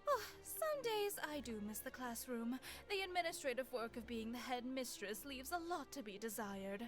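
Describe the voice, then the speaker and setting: A woman voicing a stern, formal pony headmistress on a high council, in a fan-made game. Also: lively intonation, normal speed, natural voice. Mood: gracious. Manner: formal, prim. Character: stern, proper pony headmistress, middle-aged. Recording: game audio with music behind.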